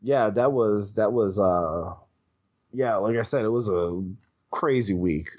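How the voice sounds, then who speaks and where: Man, lowish voice, halting restarts, casual swearing, personal storytelling, dull lo-fi audio. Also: a little mellow. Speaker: podcast guest.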